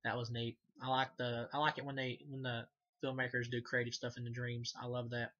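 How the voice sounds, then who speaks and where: A man recaps a film in a loose, rambling way, swearing casually and correcting himself as he goes. His voice is bright and edgy but stays fairly level in pitch. The recording sounds dull and lo-fi. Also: monotone, fairly quick. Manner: rambling, profane, frequent fillers and self-corrections. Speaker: movie reviewer. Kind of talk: casual unscripted movie recap.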